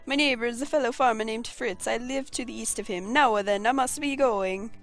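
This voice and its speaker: A woman's voice: a little high, fairly quick, faint music behind, voice pushed up, lightly acted. Woman doing a pompous fake-Italian man. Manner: pompous, flowery. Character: vain, pompous male farmer, grandiose.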